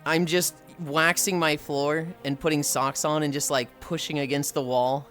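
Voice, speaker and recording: A man's voice: fairly high pitch, level tone, moderate pace, a bit bright, faint music behind. A man livestreaming who reads and answers chat in a casual, profane way and tells stories with voiced impressions.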